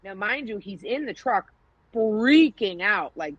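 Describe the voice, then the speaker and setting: A woman's voice: mid-range voice, unhurried, slightly rough, no echo. Swearing storyteller woman, dry dull sound. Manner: animated storytelling, acts out quoted dialogue, swears freely. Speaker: podcast co-host. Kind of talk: candid casual chat.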